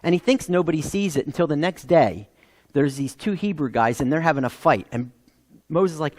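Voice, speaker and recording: Man, pastor, sermon, high voice, animated, rhetorical questions, church hall reverb. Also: fast. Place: church sanctuary.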